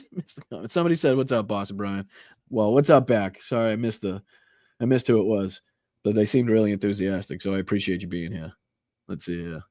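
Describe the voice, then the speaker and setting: A man's voice: lowish voice, dark tone, no room sound, clean studio sound. Swearing, emphatic male live-streamer. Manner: heavy swearing, emphatic, repeats 'right?'. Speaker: political live-stream commentator.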